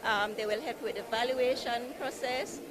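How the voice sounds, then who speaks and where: A woman's voice: a little high, fairly even intonation, normal speed. Upbeat saleswoman on a noisy floor. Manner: upbeat, persuasive, repeats easy and convenient. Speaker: building society representative. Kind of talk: sales pitch at an expo booth. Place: conference marketplace floor.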